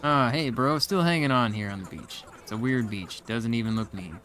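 A man's voice: medium pitch, normal speed, a bit bright, soft background music, natural voice. A man reading aloud the lines of a hungry homeless male character stuck on a beach in a video game, in a chummy manner that calls everyone bro.

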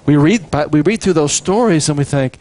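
A man preaching a sermon, animated and chatty, acting out little scenes and chuckling between points. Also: a little high, fairly quick. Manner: animated, jokes and acts out quotes. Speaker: pastor.

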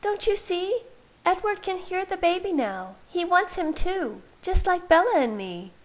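A woman's voice: very high-pitched, big pitch swings, measured pace, voice pushed up, heavily acted. A woman voicing a fierce, protective female vampire in a storybook reading, eager and insistent.

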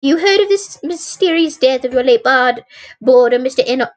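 A woman reads the part of a proud male detective, eager and boastful as he recounts his own clever work. The voice stays fairly high, close to the reader's own. It comes across as storybook narration. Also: animated, moderate pace. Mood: telling.

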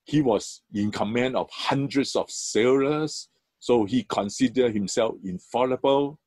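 A male church elder preaching at an unhurried pace, stressing key words with sudden lifts in his voice. The sound is dry and close, with no room reverb. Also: mid-range voice, darkish tone, husky. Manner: earnest storytelling, emphatic rises. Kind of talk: sermon.

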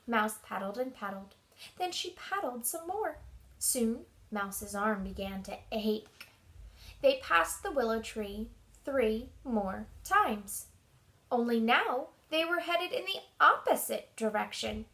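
Woman reading a children's book, high, bright voice, expressive and animated. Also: slow pace, vocal fry. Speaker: storybook reader.

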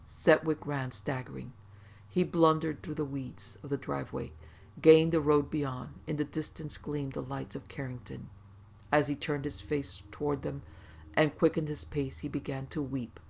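A man reads a horror story aloud with dramatic, expressive delivery. His voice is gravelly and sits slightly high. The recording sounds dull and lo-fi. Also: moderate pace. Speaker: narrator.

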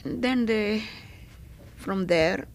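Gravelly older woman, slow halting testimony. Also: medium pitch. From Greece. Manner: halting, with many pauses and fillers. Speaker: survivor giving testimony. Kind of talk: oral history testimony.

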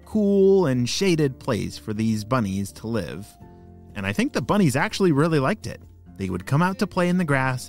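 A man's voice: medium pitch, a little mellow. A man hosting a children's story podcast, narrating in an enthusiastic, playful way.

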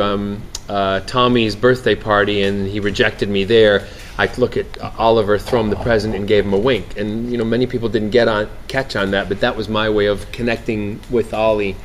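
A man being interviewed on set about his acting role, animated and laughing, often restarting his sentences. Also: fairly low pitch, fairly quick, a little hiss or hum. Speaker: actor interviewee. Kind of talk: press junket interview. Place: outdoor TV set, press line.

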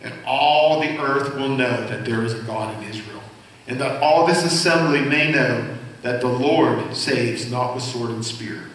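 A man's voice: medium pitch, a little slow, a bit bright. A man preaching a sermon as senior pastor, speaking conversationally and asking the congregation questions. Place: church sanctuary. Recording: very echoey hall, voice from far off.

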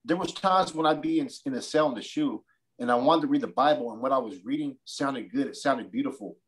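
A man's voice: medium pitch, fairly quick, low-quality recording. A man interviewing his guest in a candid, reflective way, sharing his own past and asking questions. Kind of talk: casual interview chat.

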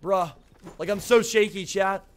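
A man's voice: high-pitched, measured pace. A young man streaming a video game live, chatting with his viewers, greeting them by name and repeating himself when flustered. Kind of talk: live gameplay commentary to chat.

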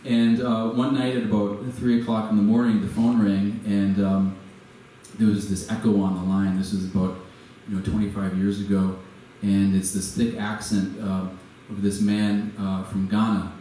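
A man's voice: fairly low pitch, level tone, normal speed, dark tone. Man telling a story in an echoey hall. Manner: hesitant, many fillers and restarts. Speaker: guest speaker. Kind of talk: storytelling talk. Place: venue with a live audience. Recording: echoey hall from far off, faint noise.

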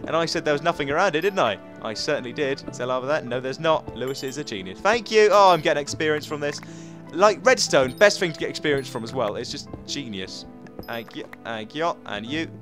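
A young man, excitably chatting his way through a video game as its host. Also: fairly high pitch, a little fast, over music. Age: young adult. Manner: excitable, chatty, talks to himself. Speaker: gamer host.

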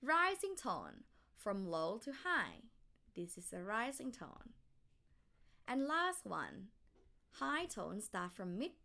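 A woman teaching a language lesson, demonstrating pitch movements slowly and carefully. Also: huge pitch swings, creaky, bright, forceful tone. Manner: slow, careful demonstration of tones.

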